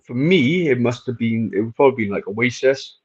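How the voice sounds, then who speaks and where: A man's voice: medium pitch, animated, a little fast, breathy edge. A man with an English accent answering interview questions casually over a video call, hesitating with lots of fillers. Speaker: guest fighter. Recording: muffled video call audio.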